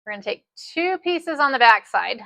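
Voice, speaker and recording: A woman giving a casual sewing machine demonstration, chatty and excitable, repeating her phrases as she works. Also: fairly high pitch, moderate pace, creaky, no echo. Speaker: sewing instructor.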